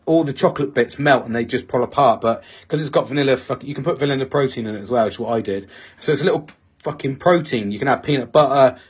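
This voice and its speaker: A man's voice: mid-range voice, breathy edge, dull audio. A man co-hosting a casual podcast chat, rambling and swearing freely, with a tension headache. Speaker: podcast co-host.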